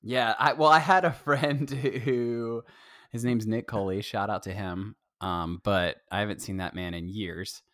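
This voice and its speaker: A man's voice: fairly low pitch, fairly even intonation, unhurried, a bit bright, dry recording, clean studio sound. A man co-hosting a podcast in casual chat, laughing often and rambling. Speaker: podcast co-host.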